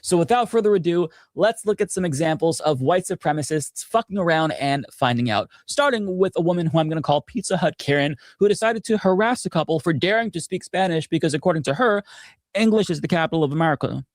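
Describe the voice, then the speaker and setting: A man's voice: fairly high pitch, lively intonation, fast talker, no echo, clean studio sound. A man narrating a commentary video in a sardonic, profane scripted style.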